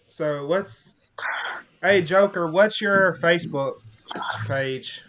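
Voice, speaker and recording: A man's voice: on the high side, takes it slowly, a bit bright. A man hosting a casual live stream, easygoing and struggling to hold back his laughter. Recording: lo-fi audio with crowd chatter behind.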